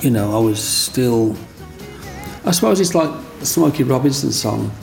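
A man, telling rambling, animated stories from his childhood in an interview and acting out other people's voices. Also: medium pitch, normal speed, creaky, soft background music. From Black Country, England. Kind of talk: storytelling interview.

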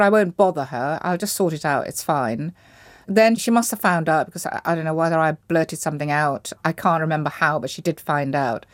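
A woman's voice: low-pitched, dry recording, studio quality. Reflective woman recalling her childhood. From Indonesia. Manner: thoughtful, searching for words, frequent restarts. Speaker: interview guest. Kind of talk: reflective personal recollection.

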